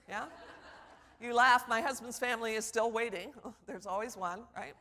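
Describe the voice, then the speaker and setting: Animated woman lecturing in a big hall. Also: on the high side, normal speed. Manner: animated, acts out quoted voices. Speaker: public speaking teacher. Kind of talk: conference lecture. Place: conference hall. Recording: long hall reverb.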